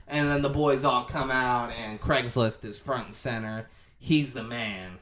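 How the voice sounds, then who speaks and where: Bright, animated podcast co-host man. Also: mid-range voice, unhurried. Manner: animated, swearing, acts out scenes. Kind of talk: casual movie recap chat.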